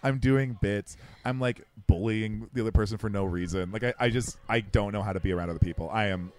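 A man chatting casually about movies, talking fast, self-deprecating, tripping over quick restarts. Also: lowish voice, darkish tone. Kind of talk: casual movie-watching chat.

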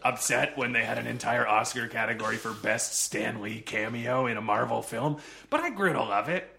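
Gravelly, bright-voiced comedy podcast man. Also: medium pitch, slight background noise. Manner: absurd deadpan riffing, quick to laugh. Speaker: podcast co-host. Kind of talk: improvised comedy banter.

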